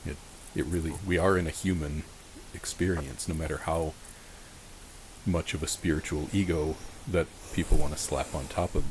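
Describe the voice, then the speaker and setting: Male podcast host, very deep voice, earnest and reflective, faint hiss. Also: fairly even intonation, normal speed, rough recording.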